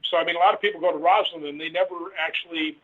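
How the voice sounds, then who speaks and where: A man, a guest author, rambling through an animated story and voicing the people in it. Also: a little high, racing. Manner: rambling, animated retelling with voiced quotes. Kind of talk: casual storytelling interview. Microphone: phone call. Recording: tinny phone line.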